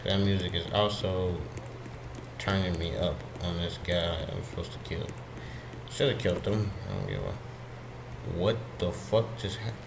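A man commentating his own gameplay, frustrated and swearing at opponents, with loud game music and gunfire behind him. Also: low-pitched, steady tone, moderate pace, vocal fry, heavy background noise. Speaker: gamer.

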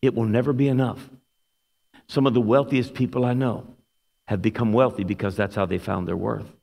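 A man preaching a sermon as a guest speaker, telling a story with lively animation. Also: medium pitch, moderate pace, vocal fry. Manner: animated storyteller, shouts when acting out quotes. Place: church sanctuary. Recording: long hall reverb.

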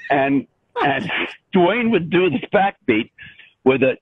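An older man, a composer, telling stories in an interview with many restarts and an animated, rambling manner over a remote call. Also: high-pitched, slow pace, breathy edge, dry recording. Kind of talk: storytelling in an interview. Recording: dry tinny phone-like line.

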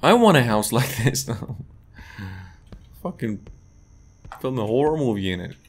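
This man's horror game let's play on his channel is full of swearing and nervous laughter. He speaks at a medium pitch, very animated yet unhurried, with a little hiss or hum.

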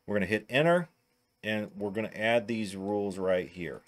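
Low-voiced Midwestern man explaining tech. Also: normal speed, a little hiss or hum. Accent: Midwestern American. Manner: casual, thinking aloud, talks through each step. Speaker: tech tutorial host. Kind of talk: narrated screen-recording tutorial.

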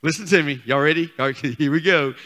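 An older man preaching a fervent sermon as pastor, calling on the congregation and rising to shouts. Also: a little high, a little fast.

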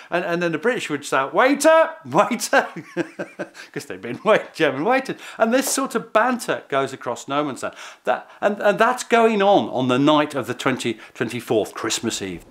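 A historian telling the story in an animated, chuckling way in a documentary interview. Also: male voice, high voice.

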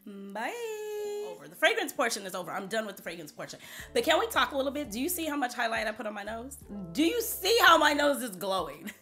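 Bright chatty woman beauty vlogger. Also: on the high side, big pitch swings, fast talker, faint music behind. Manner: chatty, playful, emphatic. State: scratchy voice. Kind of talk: casual chat to camera.

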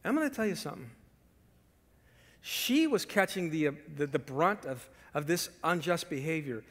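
Male pastor, high voice, dramatic sermon delivery with hushed asides, church reverb. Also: moderate pace. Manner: dramatic swings from loud emphasis to hushed whispers; lively storytelling with rhetorical questions. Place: church sanctuary.

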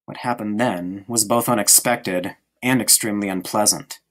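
A man narrating a novel chapter aloud with expressive, carefully paced emphasis. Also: on the low side. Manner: expressive, varied reading with slowed emphasis. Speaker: audiobook reader. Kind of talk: storybook narration.

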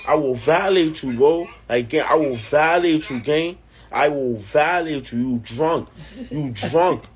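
A man's voice: fairly high pitch, unhurried. A man with a New York accent ranting angrily on a livestream, repeating threats and insults at another rapper. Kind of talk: heated livestream rant.

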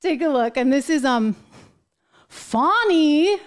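An American woman with a slightly high voice hosts a commentary show. She talks emphatically and with animation, throwing in exasperated asides. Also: lively intonation, slow pace. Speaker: show host. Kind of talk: political commentary.

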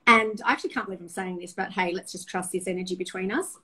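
A woman's voice: lowish voice, quick pace, pushed and bright, poor audio. A middle-aged woman, a guest sharing personal stories candidly and emotionally, often restarting her sentences. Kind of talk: open personal storytelling.

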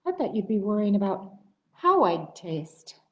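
A woman's voice: mid-range voice, sing-song, a little slow. Woman voicing a nervous, wry turkey. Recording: roomy echoey room.

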